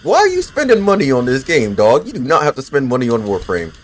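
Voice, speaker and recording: Talking fast with wildly swooping pitch in a mid-range voice, a twenty-something gaming streamer swears casually through his commentary on a game. He has the hiccups and fights them while chatting loosely with viewers, and there's a little hiss or hum in the audio.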